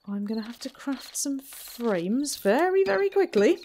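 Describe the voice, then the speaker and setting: A woman's voice: high-pitched, big pitch swings, unhurried, background noise. A woman hosting a let's play, commenting on her own game in a chatty, self-mocking way with frequent giggles. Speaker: gaming channel host.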